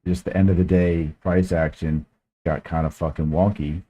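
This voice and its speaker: A man's voice: low voice, flat delivery, moderate pace, dark tone, highs cut off. A man hosting a podcast, telling a frustrated, profane story in casual chat. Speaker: podcast host.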